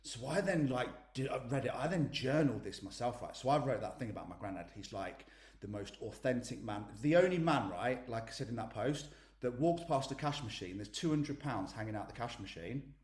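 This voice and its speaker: A man's voice: mid-range voice, animated, brisk, a little mellow. A man leading a motivational coaching session, blunt and emphatic, swearing freely. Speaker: mindset coach. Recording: roomy echo.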